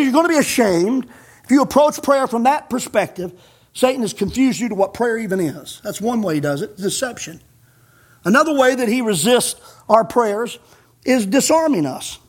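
A male pastor preaching a fiery sermon, emphatic and scolding, rising to shouts. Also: extremely high pitch, slightly rough.

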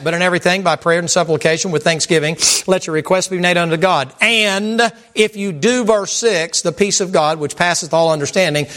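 Folksy preacher, higher-pitched voice. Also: male voice. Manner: folksy and animated, with repetition and mimicked sounds. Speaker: pastor. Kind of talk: sermon. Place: church sanctuary with congregation.

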